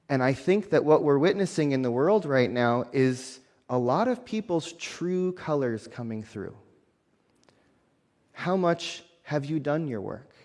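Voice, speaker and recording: A man's voice: mid-range voice, darkish tone, big-room sound. A man preaching a sermon as a minister, earnest and building emphasis through repeated phrases.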